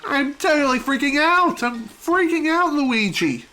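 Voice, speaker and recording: A woman's voice: high voice, expressive, a little slow, pushed and bright, soft background music, voice pushed up, heavily acted. A woman voicing a giddy young female fan who gushes and squeals, reading game dialogue aloud. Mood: starstruck. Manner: squealing, breathless gushing.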